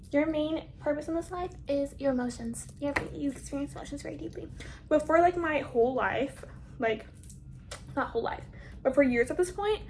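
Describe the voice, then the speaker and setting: A young woman with a notably high voice tells a storytime for her vlog. She is dramatic, animated and swears constantly as she tells it. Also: slight background noise. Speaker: vlogger.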